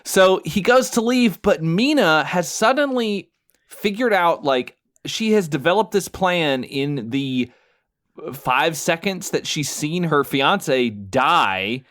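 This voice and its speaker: A man's voice: a little high, lively intonation, slow, fairly bright tone. A man co-hosting a podcast, recapping a film in casual chat with lots of fillers and restarts, often laughing as he talks. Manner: amused, laughs while talking. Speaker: podcast co-host.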